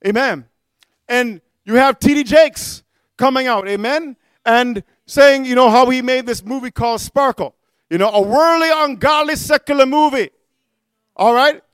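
High-voiced fiery male preacher. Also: normal speed, a bit bright, smooth, no echo. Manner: fiery, calls out "amen?" to listeners; mocks others in sing-song put-on voices. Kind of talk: sermon.

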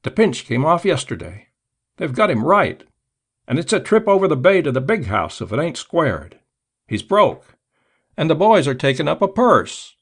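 A man's voice: fairly high pitch, big pitch swings, moderate pace, slightly rough, pitched above the performer's own voice, full character voice. A man voicing a haggard, cringing opium-joint keeper who talks in a hesitant, wheedling way.

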